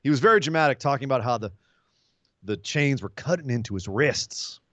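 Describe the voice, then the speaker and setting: A man co-hosting a wrestling podcast in casual chat, animated and sarcastic. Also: brisk, no echo. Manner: animated, sarcastic, swings up in pitch when exasperated. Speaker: podcast co-host.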